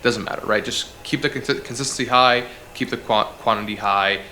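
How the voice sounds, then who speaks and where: A man's voice: medium pitch, fairly quick, sharp tone, slight background noise. A man, a guest on an interview over a video call, giving direct and casual advice. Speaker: guest, content strategist.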